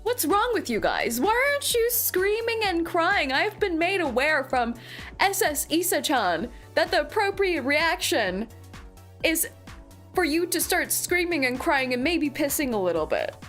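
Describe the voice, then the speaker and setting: A woman's voice: high-pitched, sing-song, unhurried, a bit bright, faint music behind. A woman VTuber chatting playfully with her stream audience, full of mock outrage and laughter. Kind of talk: casual livestream chat.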